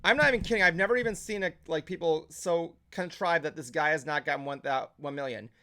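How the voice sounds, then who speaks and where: A man hosting a casual nerdy talk show, excitable and swearing freely, with lots of filler words. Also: a little high, fast. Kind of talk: casual podcast chat.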